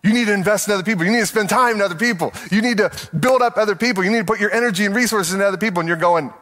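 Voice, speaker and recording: A man in his thirties delivers a sermon like he's chatting with friends. His voice sits a bit high for a man, and he slips into quick impressions of everyday people, laughing as he goes. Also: fairly bright tone. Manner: conversational and playful, acting out everyday voices with laughs. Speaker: pastor.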